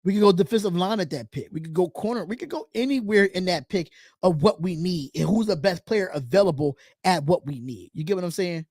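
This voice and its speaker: A man's voice: sits high, brisk, darkish tone, no room sound, studio quality. A man hosting a casual live fan podcast, reading viewer comments aloud and repeating his points in loose, chatty speech. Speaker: podcast host. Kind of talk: casual live-stream chat.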